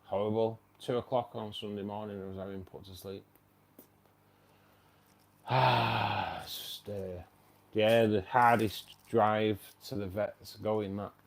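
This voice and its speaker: A man's voice: fairly low pitch, steady tone, takes it slowly, creaky. A man with a British accent hosting a casual livestream, chatty and slangy, laughing often. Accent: British English. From United Kingdom. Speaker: aquarium channel host.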